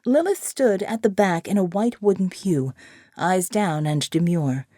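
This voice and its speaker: A woman narrating an audiobook thriller in a measured, steady way. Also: fairly low pitch, dry recording, clean studio sound. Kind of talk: scripted narration.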